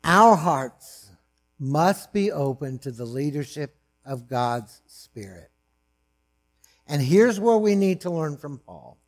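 A man preaching a sermon, swinging from loud, emphatic lines to hushed, low asides. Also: very animated, slow.

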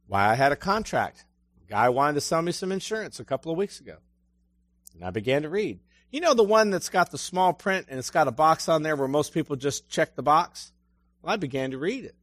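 A middle-aged man delivers a sermon in an easy, talking-to-you manner and keeps turning questions on his listeners. His voice sits a little high for a man. The sound is dry and close, with no room echo. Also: a bit bright. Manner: conversational storytelling, asks the listeners questions. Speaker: preacher.

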